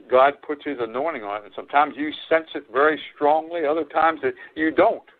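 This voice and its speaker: Guy preaching on his radio show, earnest, keeps repeating himself, sounds like it's over a phone line. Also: mid-range voice. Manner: earnest, repetitive exhortation with fillers. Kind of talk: sermon.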